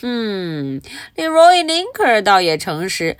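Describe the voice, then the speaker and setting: Woman, storybook lesson, expressive lively pitch, slow and clear, dry close sound. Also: dry recording. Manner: expressive, asks listeners questions. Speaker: teacher reading a storybook. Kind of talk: bilingual storybook lesson, reading and explaining.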